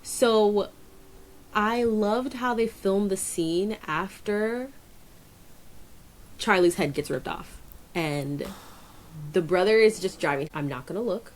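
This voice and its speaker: A woman co-hosting a podcast in casual chat, rambling with many fillers and jumping up in pitch to stress a point. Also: slow, long pauses. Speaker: podcast co-host.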